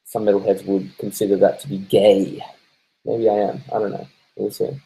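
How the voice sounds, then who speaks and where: A stoned Australian man hosting a casual live stream. His voice sits a little low, and his talk is loose and unhurried. He swears freely and laughs as he reads out viewer comments. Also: little pitch movement, gravelly, mellow, rough recording. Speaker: live-stream host reading viewer chat.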